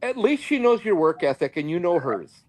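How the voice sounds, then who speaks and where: A man's voice: high-pitched, very animated, moderate pace, no room sound. Teasing man in casual chat. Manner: teasing, jokes along.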